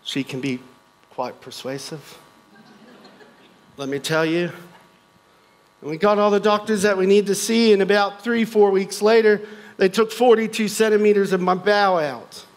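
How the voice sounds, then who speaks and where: High-voiced American man telling his story. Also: moderate pace, long pauses, low-quality recording. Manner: earnest storytelling with light self-deprecating humor. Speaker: guest speaker. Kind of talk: personal testimony talk.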